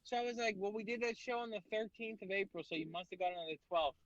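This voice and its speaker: Animated man telling stories, lo-fi sound. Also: sits high, fast talker, no echo. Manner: animated, rambling, full of fillers and swearing. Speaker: guest comedian. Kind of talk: casual storytelling chat.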